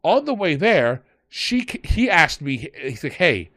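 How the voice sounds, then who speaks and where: Male podcast host, storyteller, animated delivery. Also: fairly high pitch, a little slow. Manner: animated, retells players in quoted voices. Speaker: podcast host and game master. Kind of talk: storytelling in casual chat.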